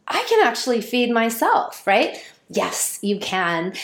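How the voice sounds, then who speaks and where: A woman in a profane, sarcastic ranting monologue who mocks others in high, whiny voices. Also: roomy sound.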